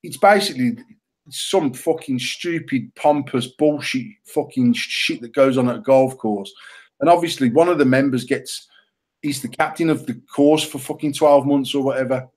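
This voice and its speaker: A middle-aged British man co-hosting a casual podcast, telling an animated, self-mocking story full of swearing. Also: mid-range voice, moderate pace. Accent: British English. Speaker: podcast co-host.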